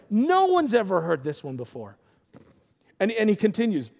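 High-voiced, casual preacher man in a reverberant hall. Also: normal speed, gravelly. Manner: casual, animated, says dude and bro. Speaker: pastor. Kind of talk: sermon.

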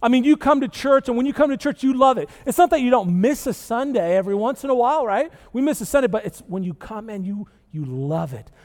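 High-voiced man preaching in a reverberant hall. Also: fast talker, few pauses. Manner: chatty and animated, tags lines with "right?" and "okay?". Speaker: pastor. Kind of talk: conversational sermon. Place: church sanctuary with live audience. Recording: long reverb of a large hall.

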